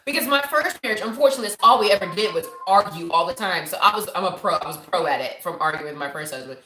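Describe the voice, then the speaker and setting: A woman's voice: on the low side, fast, echoey room. A woman in her thirties hosting a live show from her home office, chatting candidly with viewers and telling stories with lots of energy. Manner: candid, animated storytelling. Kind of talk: casual chat to viewers.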